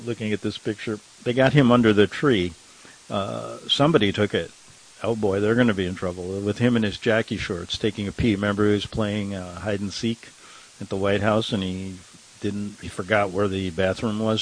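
A man's voice: lowish voice, a bit bright, poor audio. Rambling older man hosting talk radio. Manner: rambling, sarcastic, laughs at his own remarks. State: has a cough. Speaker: radio talk show host.

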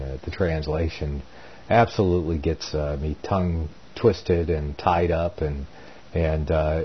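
A man's voice: very deep voice, slight background noise. A man hosting a Bible reading show, reading old scripture aloud and explaining it in a rambling, folksy way with many self-corrections. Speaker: Bible teacher, host. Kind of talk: informal Bible reading and commentary. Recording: dull lo-fi recording.

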